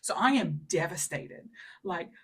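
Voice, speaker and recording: Expressive with a breathy edge, her voice moves at a measured pace. In her thirties and co-hosting a podcast, she chats casually through a story packed with fillers, switching to a high, loud voice whenever she acts out a quote.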